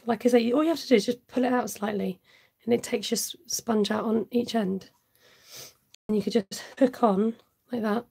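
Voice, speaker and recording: A woman demonstrates cardmaking live, talking casually to her viewers and answering their comments. Her voice sits fairly high but sounds warm and slightly husky. She narrates each step with self-mocking asides. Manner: chatty, reads out viewer comments and answers them; talks aloud while working, with self-mocking asides.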